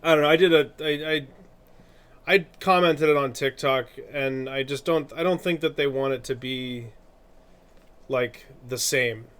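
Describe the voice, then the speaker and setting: A man's voice: mid-range voice, measured pace, fairly bright tone, clear, resonant tone. Chatty male streamer, laughing often. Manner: chatty, rambling, laughs often, self-correcting. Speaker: streamer and artist. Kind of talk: casual live-stream chat.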